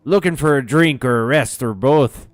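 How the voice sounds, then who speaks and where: A gruff old bug innkeeper, as a man puts him on, talking in a rustic put-on dialect, hearty and folksy. His pitch climbs a little above the man's usual talk, and soft game music plays underneath. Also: moderate pace, close to an everyday voice.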